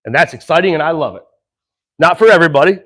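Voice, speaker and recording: A middle-aged man training horses and explaining as he works, earnest and animated, chuckling between thoughts and slowing down to calm breaths. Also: fairly high pitch. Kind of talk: casual horse-training demonstration.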